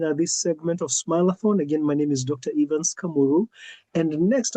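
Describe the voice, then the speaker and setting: A man's voice: fairly high pitch, mellow, no echo. A man hosting a segment over a video call, friendly and easygoing, with many fillers and repeated phrases. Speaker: segment host. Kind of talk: casual interview chat.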